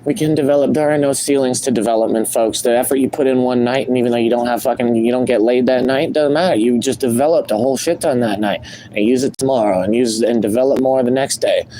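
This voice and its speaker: Male streamer, mid pitch, profane rambling rant, noisy recording with vehicle sounds. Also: fairly even intonation, fast talker, warm tone. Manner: profane, ranting, self-help preaching. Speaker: live streamer. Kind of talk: rambling live stream monologue.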